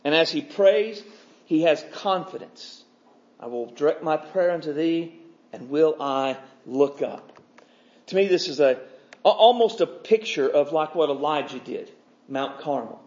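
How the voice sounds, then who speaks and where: A man's voice: fairly high pitch, animated, unhurried, darkish tone. A man preaching an expository sermon, fervent and emphatic, stacking repeated phrases. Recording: dull lo-fi recording.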